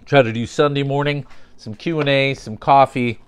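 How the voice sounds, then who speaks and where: A man's voice: mid-range voice, moderate pace, smooth. A man casually narrating a card opening, calling out cards and telling dry, absurd little stories between pulls.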